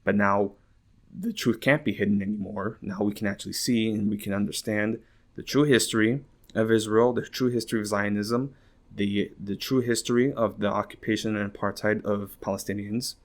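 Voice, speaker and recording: A man's voice: lowish voice, steady tone, moderate pace. A man hosting a casual political podcast, rambling with lots of filler words, swearing and incredulous laughter. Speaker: podcast host.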